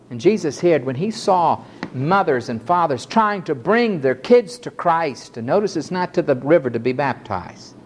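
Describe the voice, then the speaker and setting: A man preaching a fiery sermon to a congregation, swinging from loud outbursts to low, quiet asides. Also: expressive, normal speed, a little hiss or hum. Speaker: pastor.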